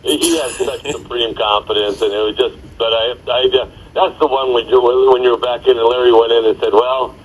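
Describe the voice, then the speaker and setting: A man who played pro basketball, husky-voiced, tells stories in an interview clip, relaxed and chuckling. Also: mid-range voice, a little fast, hardly any pauses, low-quality recording. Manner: relaxed storyteller with restarts and chuckles.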